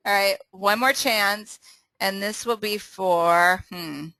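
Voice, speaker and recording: A woman's voice: medium pitch, slow, pushed and bright, no echo, low-quality recording. A woman hosting a casual sales training call, upbeat and laughing often, running a quiz and restarting her sentences.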